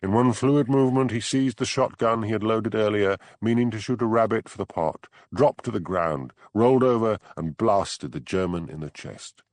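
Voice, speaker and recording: A man reading an audiobook narration in a measured, expressive storytelling manner. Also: lowish voice, dry recording. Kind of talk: scripted narration.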